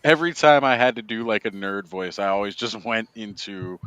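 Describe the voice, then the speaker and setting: A man's voice: on the low side, lively intonation, a little fast, fairly bright tone, clear, resonant tone, dry recording. A man hosting a casual livestream chat over a video call, laid-back, laughing often and saying "like" a lot. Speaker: livestream host.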